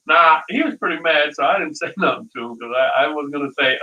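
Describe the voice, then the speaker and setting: A man's voice: a little high, fast talker, few pauses, pushed and bright, recorded from a distance, muffled recording. Rambling man hosting a cooking stream. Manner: rambling storyteller, chuckles at own dad jokes. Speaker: live-stream cooking show host. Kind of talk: casual chatty cooking stream.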